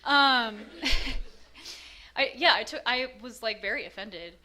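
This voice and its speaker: A woman's voice: fairly high pitch, slow pace, bright, forceful tone, a little hiss or hum. A woman telling her own story in a frank, self-mocking way, with lots of fillers. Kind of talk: candid personal storytelling.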